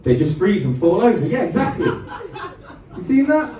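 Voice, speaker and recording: A man's voice: high voice, sing-song. A man doing a stand-up comedy set on a club stage, chatting with the crowd between jokes. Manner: chatty crowd work, quick asides to the audience. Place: comedy club stage before a live audience. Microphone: handheld stage microphone. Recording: far-off echoey club recording with noise.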